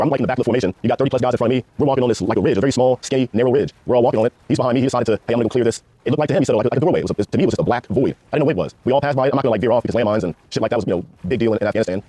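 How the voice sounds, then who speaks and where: A former Army Ranger, appearing as a guest in a casual interview, tells war stories in a rapid, profane, laid-back manner. His voice is mid-range, mellow and slightly rough, with no echo on the recording.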